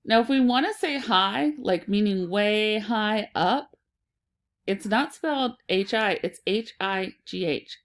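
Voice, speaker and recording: A woman teaching a phonics lesson to children, sounding out and repeating words slowly and deliberately. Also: mid-range voice, animated.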